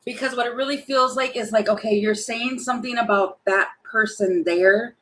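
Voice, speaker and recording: A woman talking her way through a live tarot reading, chatty and thinking aloud, exasperated at times and slipping into quick acted-out voices. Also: on the high side, a bit bright, a little hiss or hum, rough recording. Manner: exasperated about the energy. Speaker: tarot reader.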